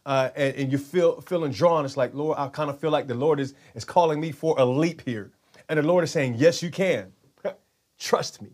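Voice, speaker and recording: A man preaching a sermon in a conversational way, often repeating words and having the congregation say lines back. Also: a little high. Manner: conversational, repeats words, leads call-and-response.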